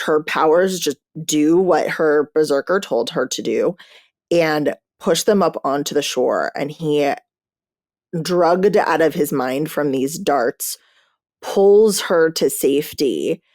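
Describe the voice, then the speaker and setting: Slow-talking, low-voiced woman host. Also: no echo, studio quality. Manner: animated, laughs often, says "like" a lot. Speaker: podcast host. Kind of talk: casual book chat.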